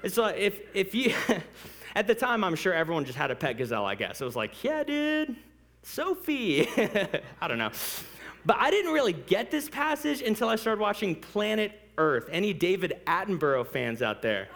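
Lively high-voiced joking male pastor. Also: normal speed. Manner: animated and joking, laughs often; conversational, addresses the congregation directly. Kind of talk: sermon.

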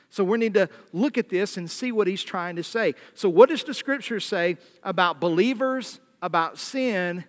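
A man with a Southern American accent preaches an evening sermon, moving easily between reading scripture and talking plainly to his congregation. His voice sits high for a man. The sound carries a long, lingering reverb, like a large church sanctuary. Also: fairly bright tone. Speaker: pastor.

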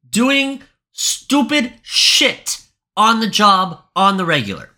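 A man co-hosting a podcast, ranting about a movie with profane exasperation and sudden shouts; his voice is going hoarse. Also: high-pitched. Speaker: podcast co-host.

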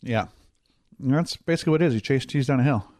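A man's voice: mid-range voice, quick pace, darkish tone, no echo, studio quality. A man hosting a casual podcast chat, cracking cheese puns and laughing easily as he explains a topic. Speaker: podcast host.

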